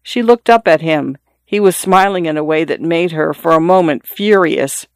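A man narrating a literary audiobook in a measured, even reading. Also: fairly high pitch, no echo.

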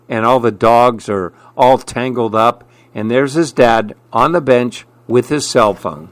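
A man reading a children's picture book aloud in a deliberate storytelling manner. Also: medium pitch, dry recording. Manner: slow, deliberate read-aloud.

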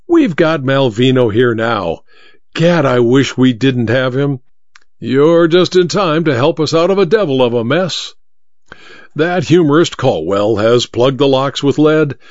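A man's voice: mid-range voice, darkish tone, no room sound, lo-fi sound, close to an everyday voice. A man voicing a boisterous wealthy male mining magnate with a hearty, blustering manner.

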